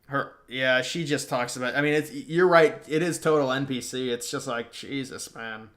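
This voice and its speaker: A young man talks casually at a mid pitch, reacting to comments as they come in. He uses slang and often trails off mid-thought, like a streamer chatting on his own. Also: moderate pace, fairly bright tone. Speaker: livestream host. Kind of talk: casual political livestream chat.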